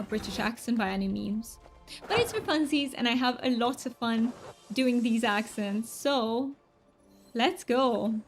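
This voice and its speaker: A young woman streaming a cozy game from home, chatting and giggling as she plays. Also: a little high. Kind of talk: casual chat while gaming.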